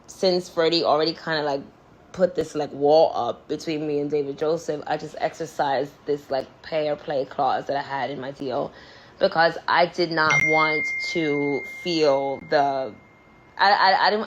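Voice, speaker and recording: A woman with a low, deep speaking voice rambles through a casual livestream monologue. She is blunt and candid and swears freely. Filler words run through nearly every sentence. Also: poor audio. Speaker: musician on a livestream.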